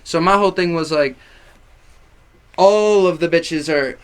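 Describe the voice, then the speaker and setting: A young man with a slightly high voice tells a rowdy story in relaxed conversation. He swears freely and acts out the people he quotes. His voice swings from loud bursts to quiet asides. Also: a little slow, clear, resonant tone. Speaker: guest. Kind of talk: casual chat.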